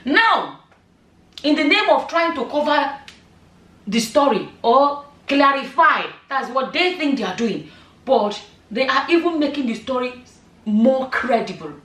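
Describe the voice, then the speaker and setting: A woman's voice: sits high, very animated, unhurried, a bit bright. A middle-aged woman giving casual vlog commentary, emphatic and full of rhetorical questions and "you know" asides. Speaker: vlogger. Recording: echoey room, voice a bit far from the mic.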